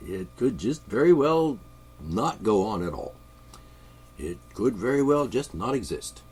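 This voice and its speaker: A man's voice: on the low side, sing-song, measured pace, darkish tone, husky. A man with congested sinuses, delivering a sarcastic, rambling political monologue from his studio. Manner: sarcastic, mocking, chuckling. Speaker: podcast host. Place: home studio.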